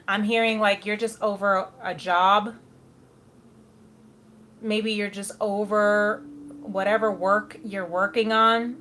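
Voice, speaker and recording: A woman's voice: mid-range voice, flat delivery, takes it slowly, sharp tone. Chatty woman doing a tarot reading. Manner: chatty, laughs often, slips into quoted asides. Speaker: tarot reader.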